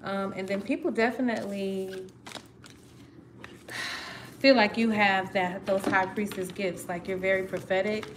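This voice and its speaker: A woman's voice: medium pitch, fairly even intonation, unhurried, pauses often. Chatty woman reading tarot, noisy background. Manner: chatty, self-interrupting, laughing at herself. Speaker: tarot reader. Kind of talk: casual live tarot reading.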